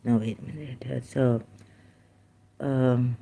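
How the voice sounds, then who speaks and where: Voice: medium pitch, a little slow, pauses often, dark tone. Agitated, rambling vlogger. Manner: agitated, rambling, with apologetic asides. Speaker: YouTube channel host. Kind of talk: ranting monologue to commenters.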